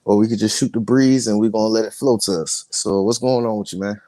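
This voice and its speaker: A man's voice: on the low side, steady tone, warm tone, dry recording. A man hosting a casual livestream, talking in a loose, slangy way and handing the floor to his guest. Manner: loose, slangy, quick to hand over the floor. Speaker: livestream host.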